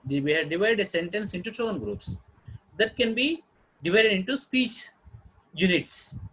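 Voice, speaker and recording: Teacher, male, husky and fairly high voice, halting lecture delivery with repeated examples. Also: poor audio. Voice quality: husky, clears throat often. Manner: slow, halting explanation with fillers and repeated example phrases. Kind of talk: lecture on intonation.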